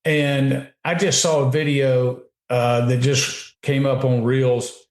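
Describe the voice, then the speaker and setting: A man's voice: mid-range voice, little pitch movement, slow. A man giving emphatic, opinionated commentary on a radio talk show, often restarting his sentences. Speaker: guest commentator. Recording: roomy echo.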